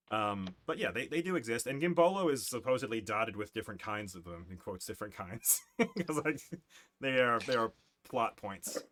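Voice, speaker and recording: A young man narrating as game master in a casual, halting way with fillers. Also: medium pitch, animated, fairly bright tone, slight background noise.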